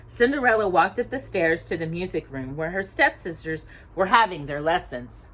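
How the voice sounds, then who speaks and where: Woman storyteller, children's read-aloud, animated delivery. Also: lowish voice, normal speed, hardly any pauses. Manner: expressive, acting out each character's lines.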